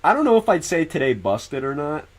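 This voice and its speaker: A man's voice: fairly high pitch, big pitch swings, brisk. Casual, profane male livestreamer. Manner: loose, profane, laughs often; answers viewers directly. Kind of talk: casual stream chat.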